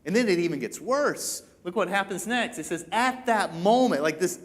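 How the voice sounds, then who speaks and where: A man with a high, light voice preaches a sermon in a church. He tells the story in a chatty way and jumps into animated voices for the people he quotes. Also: normal speed. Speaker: pastor.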